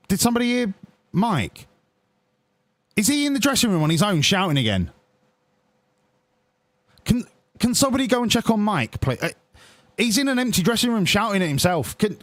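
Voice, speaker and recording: A man's voice: high voice, no echo. A young man streaming a football management game, talking casually with viewers and cheering his players, swearing often. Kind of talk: casual live-stream commentary.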